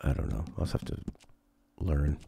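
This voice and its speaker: A man's voice: moderate pace, slight background noise. A man giving casual, chatty commentary while streaming a video game, thinking aloud and often trailing off. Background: loud game music.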